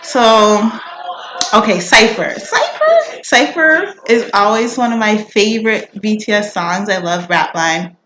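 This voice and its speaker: A young woman vlogger excitedly retelling a story, gushing and peppered with "like," breaking into screams when she acts it out. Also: mid-range voice, measured pace. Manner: gushing, lots of "like" fillers, bursts into screams when reenacting. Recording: echoey room with noise.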